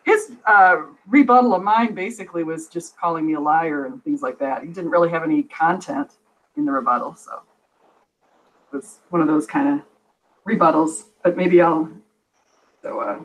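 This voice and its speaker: A woman's voice: low voice, moderate pace, long pauses, low-quality recording. A woman on a casual chat as a guest, rambling and laughing often. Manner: giggly, rambling.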